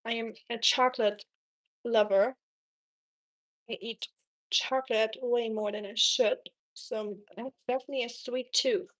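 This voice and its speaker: A young woman from Germany hosts a casual cooking live stream, chatting with viewers, reading their messages aloud and saying "um" a lot. Her voice is fairly high and fairly bright, with fairly even intonation and a slightly slow pace.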